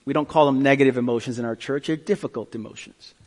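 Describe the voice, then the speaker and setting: A male pastor giving a sermon, telling a story with lively, acted-out dialogue. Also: mid-range voice, fast talker. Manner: animated storytelling, acting out dialogue. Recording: long hall reverb.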